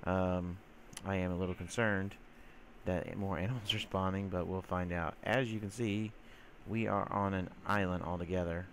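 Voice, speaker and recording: Man, low voice, rambling game commentary, faint room hum. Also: steady tone, normal speed, a bit bright. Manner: rambling, chatty, filler-heavy; teasing baby-talk to game mobs. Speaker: gamer. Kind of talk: casual gameplay commentary.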